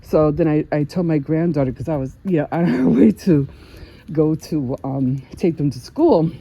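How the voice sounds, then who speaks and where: An older woman vlogger chats casually, telling stories with frequent laughter and restarts. Her voice sits low and mellow with a breathy edge, and she speaks at a moderate pace.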